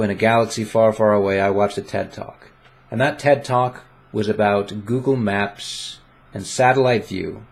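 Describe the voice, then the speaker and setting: Playful rambling young man, low voice. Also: gravelly. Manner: playful, self-mocking, rambling with restarts. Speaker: vlogger. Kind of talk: casual rambling vlog. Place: home room with webcam. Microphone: desk condenser mic.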